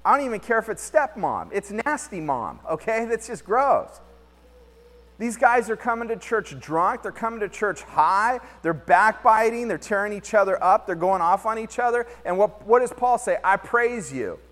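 A man preaching a conversational sermon as pastor, lively and slangy, mixing scripture with everyday stories. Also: high-pitched, normal speed. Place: church hall. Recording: long hall reverb.

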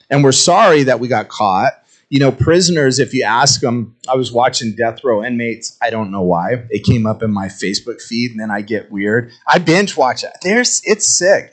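A man's voice: medium pitch, rough recording. Casual man preaching a sermon. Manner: storytelling, acts out quoted voices. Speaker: pastor.

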